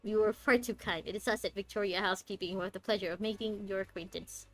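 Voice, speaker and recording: A woman voicing a courteous, formal male butler, speaking in a polite, measured way. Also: fairly high pitch, soft background music, natural voice, low-quality recording.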